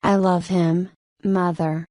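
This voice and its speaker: A woman's voice: fairly low pitch, little pitch movement, slow, warm tone, dry recording, clean studio sound. A woman voicing a young actress in love, read in her own earnest narrating voice. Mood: lovesick.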